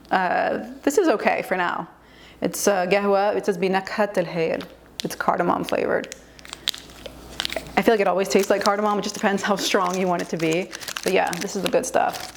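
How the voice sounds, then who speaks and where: A young woman hosting a reaction video, explaining words in a chatty way with quick asides. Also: medium pitch, steady tone, vocal fry. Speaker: host, Arabic linguist. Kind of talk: reaction commentary.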